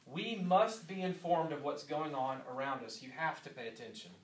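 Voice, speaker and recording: A pastor in his thirties delivers an earnest sermon in a church sanctuary, repeating key lines for emphasis. His voice is on the high side at normal speed, and he's far from the mic. The echoey church room leaves his voice sounding off-mic.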